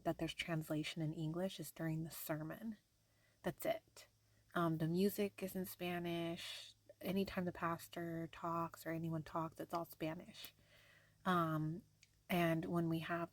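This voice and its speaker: A young woman talking softly and hesitantly in a personal diary vlog, with many fillers and restarts. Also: fairly low pitch, no room sound. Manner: soft-spoken, hesitant, lots of fillers and restarts. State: tearful at times. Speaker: vlogger.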